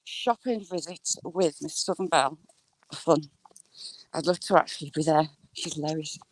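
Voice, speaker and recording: A woman's voice: low-pitched, normal speed, dry recording, poor audio. A woman, chatting casually to viewers while she walks, greeting them by name. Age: adult with a school-age child. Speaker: live-streaming vlogger.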